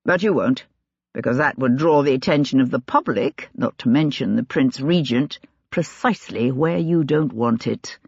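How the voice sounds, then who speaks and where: Heard as a reader playing a sharp-tongued aristocratic lord, this voice stays calm and clipped, giving orders without raising itself. The tone is slightly husky, and the recording is dry and somewhat dull. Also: medium pitch, moderate pace, no echo. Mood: cold, pressing.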